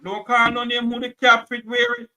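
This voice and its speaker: A man's voice: very high voice, sing-song, normal speed, sharp tone. A Jamaican man hosting a call-in radio show, talking in an impassioned, repetitive way and often cutting in to say hold on. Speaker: radio talk show host.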